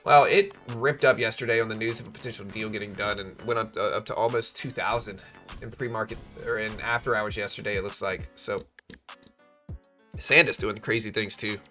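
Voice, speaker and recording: Young guy running a live trading stream, chatty and slangy, bright voice, faint music behind. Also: on the low side, brisk. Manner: chatty, slangy, reads chat aloud, animated when joking. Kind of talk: casual livestream chat.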